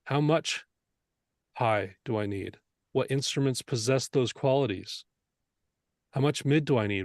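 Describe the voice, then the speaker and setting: A man teaching audio mixing in an earnest, explanatory way, often posing questions to the listener. His voice sits at a middle pitch and is recorded close and dry, with no room sound. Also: no room sound. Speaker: mixing instructor.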